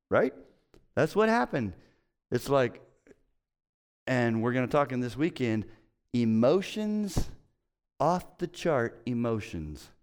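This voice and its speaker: A middle-aged man preaching a sermon as pastor, conversational and emphatic, swinging between loud and quiet. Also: mid-range voice.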